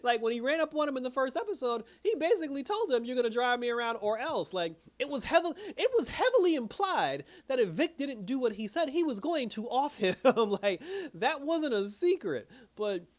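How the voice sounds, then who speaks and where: A man's voice: extremely high pitch, very animated, brisk. A man hosting a casual TV review channel, recapping an episode in a loose, slangy way, often breaking into laughter. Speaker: TV show reviewer.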